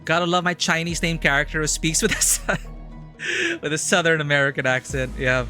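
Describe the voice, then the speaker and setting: A man's voice: fairly high pitch, sing-song, normal speed, sharp tone, faint music behind. A man streaming a game, chatting casually with his viewers and reading the game text aloud. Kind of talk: casual live-stream commentary.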